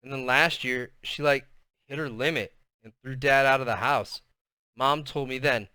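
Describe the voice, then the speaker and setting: Man reading a novel aloud with casual asides, bright and crisp voice. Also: medium pitch, moderate pace, dry recording. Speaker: reader.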